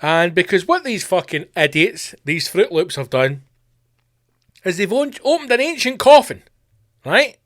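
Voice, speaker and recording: A man's voice: high voice, measured pace, no room sound, studio quality. Sweary Scottish man ranting on a podcast. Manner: sweary, animated, slips into mock voices. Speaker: podcast host. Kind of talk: profane comedic rant.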